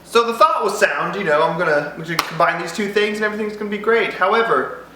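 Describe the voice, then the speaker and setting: Man, high and bright, rambling comic vlog storyteller, echoey room. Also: quick pace, background noise. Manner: rambling, self-interrupting, jokey. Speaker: vlogger. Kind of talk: comedic storytelling.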